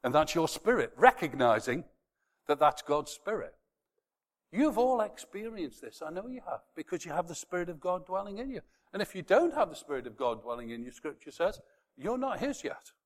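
Man preaching, bursts of loud emphasis, slightly high voice, long hall reverb. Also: sing-song, normal speed. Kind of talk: sermon.

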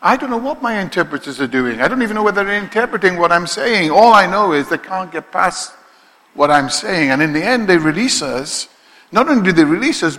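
A man with a Liverpool accent preaches a sermon, his bright, forceful voice ringing through a big hall with a long reverb. He drops into quiet, chatty asides, then swells into loud, slow, stretched-out declarations. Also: on the high side. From Liverpool, England.

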